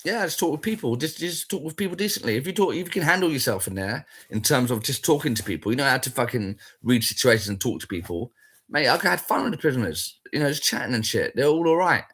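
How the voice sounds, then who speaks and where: Brief: man, husky voice, blunt and foul-mouthed, rambling and repetitive. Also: medium pitch, expressive, quick pace, fairly bright tone. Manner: sweary, blunt and rambling, repeats himself. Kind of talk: casual spoken rant.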